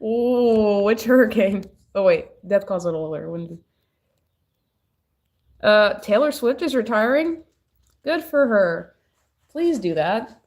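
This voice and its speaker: A woman's voice: medium pitch, expressive, measured pace, pauses often, darkish tone. A young woman streaming while she crafts, rambling and joking with her chat and laughing often, at home. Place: at home, moving furniture.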